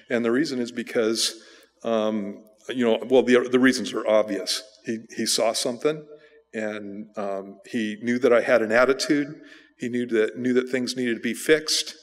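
A male pastor preaching, telling a personal story in a relaxed, conversational way with fillers and restarts. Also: mid-range voice. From United States. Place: church sanctuary. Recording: church sanctuary reverb.

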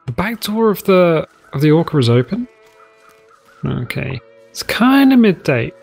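Animated, chatty male gamer. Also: a little high, unhurried, vocal fry, soft background music. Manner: chatty, jokey, rambling asides. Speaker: let's play host. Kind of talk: casual gameplay commentary.

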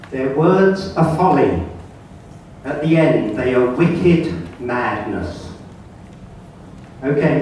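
Male club speaker, earnest lecturer, higher voice, distant and echoey. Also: a little mellow, slight background noise. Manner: earnest and lecturing, polls the audience with questions. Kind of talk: public talk to an audience. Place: club meeting room with audience. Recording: echoey room, far from mic.

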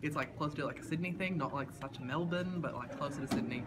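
A man's voice: a little high, fast talker. A man from the Boston area chatting casually in a rambling, filler-heavy, self-deprecating way. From Massachusetts, Boston area. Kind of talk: casual chat. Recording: loud background noise.

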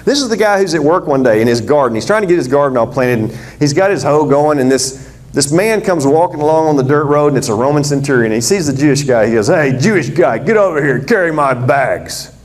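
A man preaching a sermon, telling the story with lively drama and acting out the characters in different voices. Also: on the high side, fast talker.

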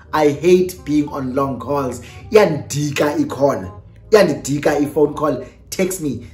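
A young South African vlogger tells a personal story with lively energy, moving between English and Xhosa mid-sentence. The voice sits at a middling pitch. The room has a noticeable echo, and soft music plays underneath. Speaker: YouTuber. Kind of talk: storytime vlog. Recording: roomy echo with faint music.

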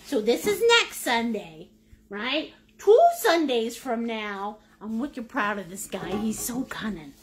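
A woman's voice: fairly high pitch, expressive, takes it slowly, a bit bright. A woman with a Maine accent, teaching a live painting lesson in a chatty, jokey, upbeat way. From United States. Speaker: painting instructor.

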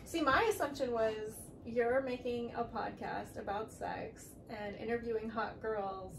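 A woman's voice: on the high side, a little slow. Woman speaking from far off in an echoey room. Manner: hesitant, laughs often. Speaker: interviewer. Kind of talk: casual conversation. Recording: distant mic in an echoey, noisy room.

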